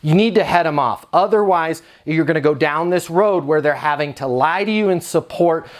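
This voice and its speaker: A man with a notably high-pitched voice coaches property managers, and he is punchy and emphatic throughout. He sounds to be in his thirties and often slips into quick acted-out exchanges to make his point. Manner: punchy, emphatic, acts out quick dialogue examples. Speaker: property leasing trainer. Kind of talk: energetic coaching talk to camera.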